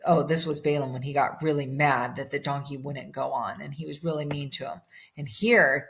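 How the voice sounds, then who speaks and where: A woman telling a Bible story to children as a church lesson, animated and full of questions to her young listeners. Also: low voice.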